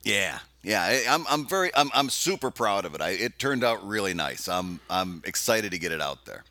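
A man's voice: fairly low pitch, very animated, moderate pace, bright, forceful tone, no echo. A man co-hosting a podcast in casual chat, laughing easily and thanking his co-hosts earnestly. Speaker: podcast co-host.

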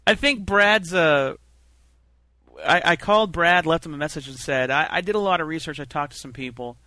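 Male co-host, halting and stammering, bright and dry. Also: on the high side, no room sound. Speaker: podcast co-host. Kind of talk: casual podcast chat.

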